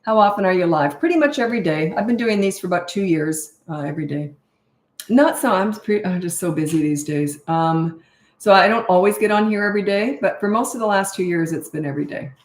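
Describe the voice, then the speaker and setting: A woman's voice: fairly low pitch, expressive, a little fast, echoey room. An older woman, a parenting coach, chatting and telling stories while answering questions live. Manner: chatty storytelling, acts out voices in anecdotes. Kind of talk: live Q&A chat.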